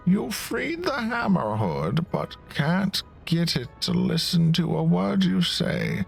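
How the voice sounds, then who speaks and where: A man's voice: on the high side, sing-song, takes it slowly, vocal fry, soft background music, voice pushed up, exaggerated voice. A man putting on an old woman's voice. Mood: scheming. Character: wise old woman, a fellow prisoner who knows monsters.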